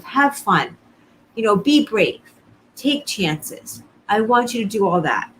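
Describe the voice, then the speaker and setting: A woman with a mid-range, fairly bright voice speaks slowly but with great animation, over a low-quality recording with a little hiss or hum. She's a psychic medium giving a live-streamed reading, addressing viewers earnestly and reassuringly and often repeating herself.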